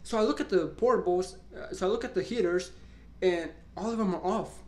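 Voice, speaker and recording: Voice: mid-range voice, brisk, a little mellow. A young adult vlogger casually telling a story, swearing a lot, rambling and restarting, sounding exasperated. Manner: profane, rambling, exasperated retelling with frequent restarts. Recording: roomy echo, faint background ambience.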